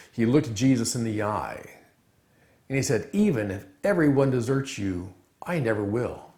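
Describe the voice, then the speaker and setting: A man giving a chapel sermon, telling the story with animated, dramatic emphasis. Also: medium pitch. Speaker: chapel speaker. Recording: roomy echo.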